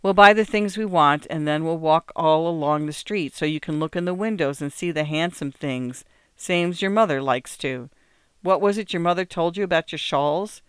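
A man's voice: a little high, moderate pace, fairly bright tone, clear, resonant tone, no echo, studio quality, natural voice. A man voicing a kindly, cheerful farmer father who talks in plain, homely country speech.

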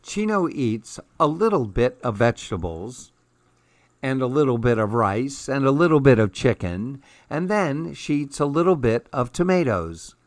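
A man reading children's picture books aloud in a gentle, measured, soothing way. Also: mid-range voice, sing-song, dry recording. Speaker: storyteller. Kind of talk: children's storybook read-aloud.

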